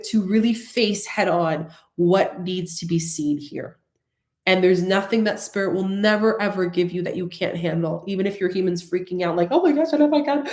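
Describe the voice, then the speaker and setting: A woman's voice: medium pitch, roomy sound. A woman spiritual coach talking earnestly and directly to her viewers, often repeating herself for emphasis. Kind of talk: casual spiritual talk to viewers.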